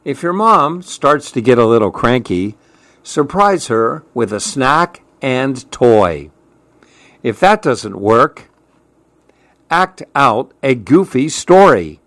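A man reading a children's picture book aloud in a gentle, playful way. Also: medium pitch, big pitch swings, no room sound. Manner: gentle, playful, slow storytelling. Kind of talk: storybook read-aloud.

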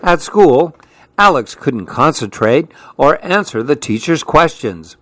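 A man hosting a radio children's story hour, reading picture books aloud in a gentle, friendly manner. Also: on the high side, sing-song, a little slow, no room sound.

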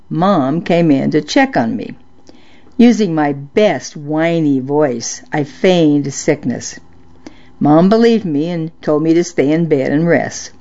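A woman reading listener-sent nostalgic stories aloud in a measured storytelling narration. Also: low-pitched, warm tone, muffled recording. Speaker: story reader.

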